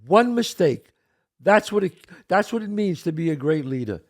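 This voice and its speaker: An older man, co-host of a casual talk show, telling stories with lively gestures and acting out the people he quotes. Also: sits high, moderate pace. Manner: animated, acts out quoted voices. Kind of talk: casual storytelling chat.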